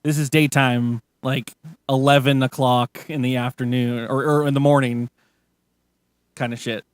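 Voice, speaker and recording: A man's voice: mid-range voice, little pitch movement, measured pace, clean tone, dry recording, clean studio sound. A man hosting a casual chat show, rambling and swearing as he retells a story. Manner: profane, rambling, lots of restarts. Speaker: podcast host.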